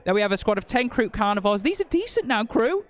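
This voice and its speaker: A man's voice: high-pitched, big pitch swings, fast. A man co-commentating a live tabletop wargame stream, joking as he reels off army lists. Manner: jokey, reels off unit lists.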